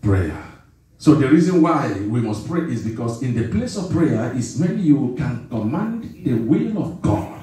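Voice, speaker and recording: A man's voice: mid-range voice, big pitch swings, a little slow, warm tone. A man preaching a sermon, urging call-and-response from the congregation and repeating phrases for emphasis. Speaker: pastor. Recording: echoey hall from far off.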